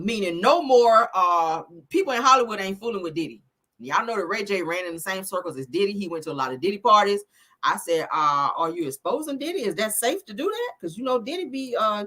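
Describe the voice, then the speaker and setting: A woman's voice: mid-range voice, pushed and bright. A woman hosting a casual commentary show, reading viewer comments in a slangy way and laughing often. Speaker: show host.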